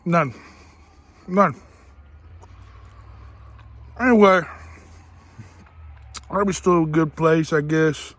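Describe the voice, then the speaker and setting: A man's voice: on the high side, drawn-out words, long pauses, a bit bright, no echo. Profane man griping through a spicy food review. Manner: profane, blunt and crude; talks while chewing. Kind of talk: casual food review vlog.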